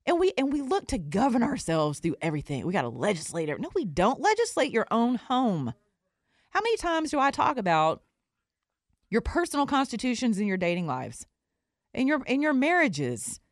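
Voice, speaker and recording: A woman's voice: mid-range voice, dry recording, studio quality. A woman hosting her own podcast, delivering an indignant, sarcastic opinion rant. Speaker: podcast host and recording artist.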